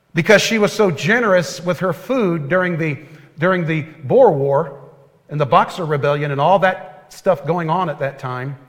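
Earnest, higher-voiced preacher with hall echo. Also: male voice. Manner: earnest and folksy, dropping to a hush at tender points. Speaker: pastor. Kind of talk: sermon. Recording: long hall reverb.

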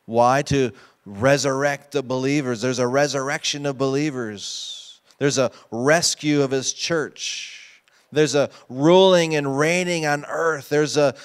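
A man's voice: fairly high pitch, fairly even intonation, takes it slowly, smooth. A pastor preaching a sermon to his congregation, emphatic and often asking them questions. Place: church sanctuary.

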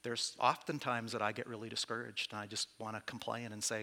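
A man's voice: fairly low pitch, little pitch movement, brisk, vocal fry, few pauses, bright, forceful tone. A man preaching as pastor to his church, candid and conversational, with self-deprecating asides. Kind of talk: sermon.

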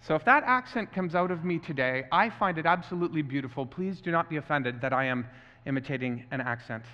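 A pastor giving an impassioned, repetitive sermon, recorded muffled in an echoey hall. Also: male voice, a little high, expressive, a little fast, sharp tone.

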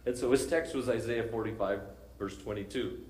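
A man's voice: lowish voice, normal speed. Storytelling male pastor in an echoey room. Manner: animated storytelling, chuckles often. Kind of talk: sermon.

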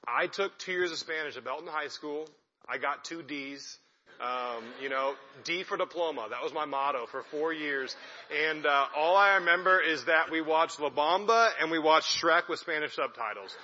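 A man's voice: on the high side, pushed and bright. A young man, a missionary, giving a chatty, self-deprecating talk to a church congregation. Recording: echoey hall, dull lo-fi sound.

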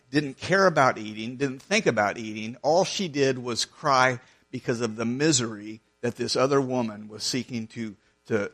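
A man preaches a sermon, reading scripture verse by verse and explaining it earnestly and conversationally, often restarting his phrases. His voice is mid-range and a bit bright.

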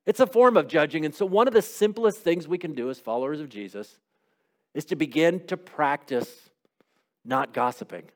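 A middle-aged pastor with a slightly high, expressive voice preaches a sermon at normal speed. He keeps it conversational, posing rhetorical questions and acting out little quotes.

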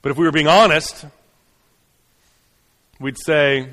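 A man preaching a sermon with a fairly high voice. He talks to the congregation in a chatty way, tossing in frequent asides. His delivery speeds into urgent runs and then falls away soft and slow. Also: long reverb tail. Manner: conversational preaching, frequent "right?" and "you know" asides. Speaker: pastor.

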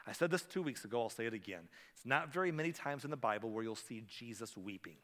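A man's voice: medium pitch, animated, quick pace, few pauses, a bit bright, big-room sound. A man preaching a sermon in a conversational way, often restarting and repeating words as he goes. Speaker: pastor.

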